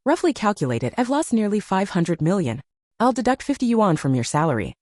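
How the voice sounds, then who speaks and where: A woman's voice: mid-range voice, brisk, no echo, studio quality. A woman voicing an aloof, businesslike young man who runs a company, in an audio novel. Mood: cool. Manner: calm, businesslike. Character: aloof stern young male company president.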